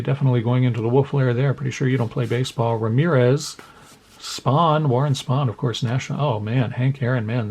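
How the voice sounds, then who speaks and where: A man's voice: medium pitch, gravelly, darkish tone, husky. A man casually opening a mail-day package of trading cards, reading off player names one by one and making playful asides to the cards. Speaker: card collecting YouTuber.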